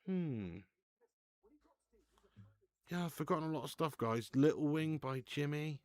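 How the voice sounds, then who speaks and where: A man's voice: on the high side, measured pace, a little mellow. A man hosting a live football watch-along stream, chatting casually with viewers, laughing often and swearing freely.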